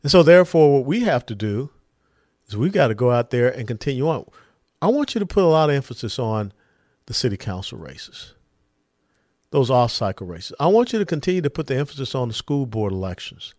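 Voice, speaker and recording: A man's voice: mid-range voice, big pitch swings, a little fast, a little mellow, dry recording, studio quality. A man hosting a political podcast, giving an emphatic commentary monologue and asking rhetorical questions. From lives in Texas. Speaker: podcast host.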